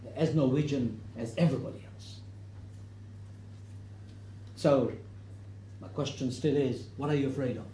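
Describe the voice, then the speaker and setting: A middle-aged man giving a storytelling talk to an audience, acting out the quoted voices and rising to loud, emphatic points. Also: mid-range voice, moderate pace, long pauses, roomy sound, slight background noise. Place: hall with an audience.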